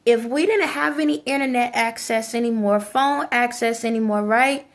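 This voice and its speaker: Her voice sits high and a little bright as this vlogger delivers a ranting monologue to camera. She lectures and scolds her viewers, repeating phrases to emphasize them.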